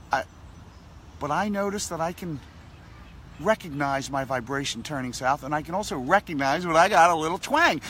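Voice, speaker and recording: Animated, bright-voiced motivational man. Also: high-pitched, a little hiss or hum. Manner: animated, repetitive, coaching tone. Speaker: motivational vlogger. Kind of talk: casual motivational talk.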